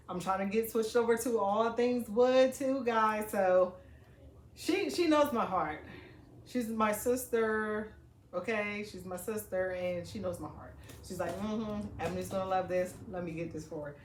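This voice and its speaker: A woman vlogging from home as she unboxes gifts, chatty and excitable, calling her viewers y'all. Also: medium pitch, roomy sound, slight background noise. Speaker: family vlogger. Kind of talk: casual unboxing vlog. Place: home, indoors.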